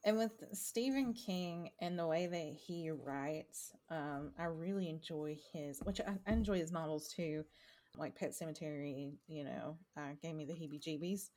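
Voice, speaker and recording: A woman's voice: low-pitched, normal speed, dark tone. A woman casually discussing a book, rambling with many fillers.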